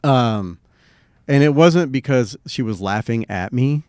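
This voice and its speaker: Middle-aged man, podcast co-host, casual storytelling, rambling, profane, average pitch, dry recording. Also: animated, a little slow, darkish tone, clear, resonant tone, no echo. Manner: laid-back, rambling, swears freely.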